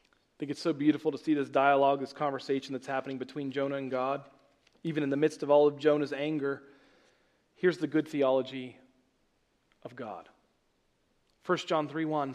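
A man preaching a sermon as pastor, emphatic, asking rhetorical questions and swinging from loud to soft. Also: mid-range voice, flat delivery, normal speed, long pauses.

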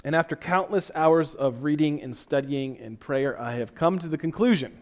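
A man pastor preaching a sermon, his voice sitting a little higher than most men's. He reads the passage first, then talks it through casually, with fillers and self-deprecating remarks. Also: normal speed. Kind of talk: sermon with scripture reading.

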